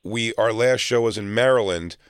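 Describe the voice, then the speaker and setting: Lively storytelling man from South Jersey. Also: fairly low pitch, normal speed, clear, resonant tone, dry recording, clean studio sound. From South Jersey, near Philadelphia. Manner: animated anecdote teller, acts out quotes. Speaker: comedian guest. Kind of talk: casual storytelling chat.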